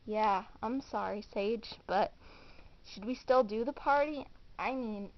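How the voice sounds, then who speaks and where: A woman's voice: on the high side, takes it slowly. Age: young. Role: a girl playing a fretful, sighing friend. Sound: dull lo-fi. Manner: sighing, hesitant.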